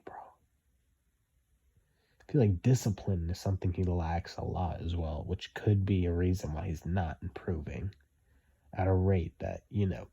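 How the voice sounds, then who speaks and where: A man's voice: deep voice, dark tone, slightly rough, dull audio. A young man giving blunt, repetitive opinion commentary, hammering his points home.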